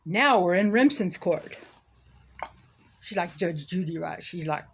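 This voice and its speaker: A woman's voice: fairly low pitch, animated, a little slow, pauses often, husky. A woman delivering a sarcastic, emphatic ranting monologue as a local commentator. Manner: sarcastic, emphatic, self-mocking.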